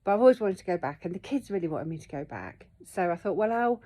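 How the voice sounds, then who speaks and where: A woman's voice: lowish voice, sing-song, quick pace, mellow. A middle-aged woman, telling a personal story in a candid, emotional vlog and swearing freely. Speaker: vlogger.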